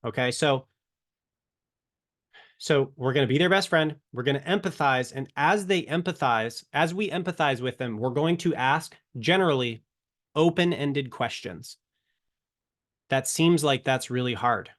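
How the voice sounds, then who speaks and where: A man's voice: on the high side, animated, normal speed, fairly bright tone. Earnest man teaching conversation skills. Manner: earnest, conversational, acts out sample dialogues. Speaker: online course instructor. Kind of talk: casual teaching talk.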